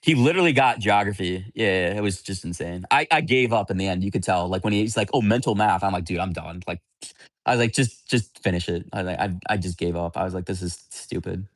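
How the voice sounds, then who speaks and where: A man's voice: low voice, fast, dry recording, studio quality. A man hosting a livestream, chatting casually with viewers in a candid, rambling, blunt way. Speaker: livestream host.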